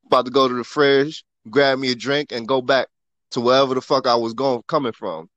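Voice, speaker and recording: A man's voice: mid-range voice, fairly even intonation, a little fast, a bit bright, no room sound, lo-fi sound. A man chatting casually in a laid-back, slangy way, often asking "you know what I mean". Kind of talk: casual chat.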